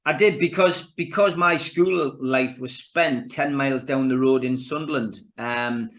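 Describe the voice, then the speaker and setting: A man's voice: medium pitch, measured pace, a bit bright. A man of fifty with a Geordie accent, telling stories as a guest on a casual podcast interview. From Newcastle, England. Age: 50s. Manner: chatty, anecdotal storytelling.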